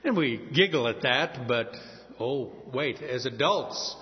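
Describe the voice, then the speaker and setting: A male pastor preaching a sermon with a dramatic delivery, slowing down to stress key words. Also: mid-range voice, animated. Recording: long reverb, dull lo-fi sound.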